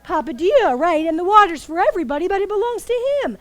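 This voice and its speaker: A woman telling a folktale live to children, animated and coaxing, asking the audience questions. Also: extremely high pitch, quick pace. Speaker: storyteller. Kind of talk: live interactive storytelling for children.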